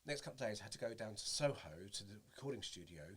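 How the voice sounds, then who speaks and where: A man's voice: fairly low pitch, quick pace, slightly rough. A man, an impressionist, telling anecdotes animatedly in a casual interview and slipping into voices as he goes. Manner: animated storytelling, jumps into voices, laughs often. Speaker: guest, impressionist.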